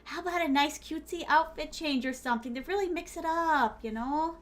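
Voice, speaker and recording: A woman's voice: high-pitched, a little fast, fairly bright tone. A woman streaming a game, chatting playfully with her viewers, often giggling and dropping in Japanese phrases. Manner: chatty, playful, talks to chat as "my starlings"; giggly, many fillers like "like". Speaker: VTuber streamer. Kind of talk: casual gaming stream chat.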